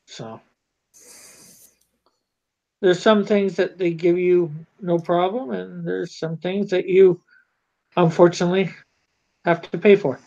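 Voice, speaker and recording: A man's voice: high voice, fairly even intonation, slow pace, vocal fry, pauses often, warm tone. A man chatting casually on a livestream, rambling with many fillers and restarts. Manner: rambling, hesitant, lots of fillers. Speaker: co-host of a live drawing stream. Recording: dull lo-fi stream audio.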